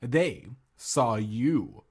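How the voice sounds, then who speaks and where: Guy doing a strict aunt from a kids' book, curt and scolding, kinda husky. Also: medium pitch, animated, extremely slow, full character voice. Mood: stern. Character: stern worried middle-aged aunt.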